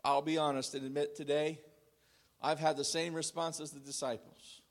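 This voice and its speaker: A male pastor preaching a sermon, swinging dramatically between loud proclamations and hushed, confessional asides. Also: fairly high pitch, level tone, moderate pace.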